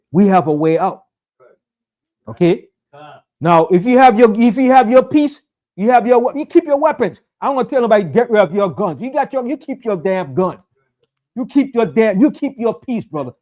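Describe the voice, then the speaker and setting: A man with a high-pitched voice preaches a sabbath sermon. He talks in a fiery, conversational way and hammers his points home by repeating them. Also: lively intonation, normal speed, dark tone. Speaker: pastor.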